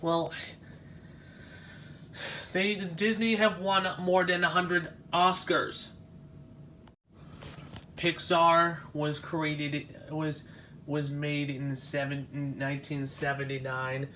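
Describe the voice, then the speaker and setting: Guy walking round an exhibit, slow and halting, kinda high voice, faint room noise behind. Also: flat delivery, sharp tone. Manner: halting, restarts often, nostalgic. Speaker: vlogger touring an exhibition. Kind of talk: casual walk-through commentary.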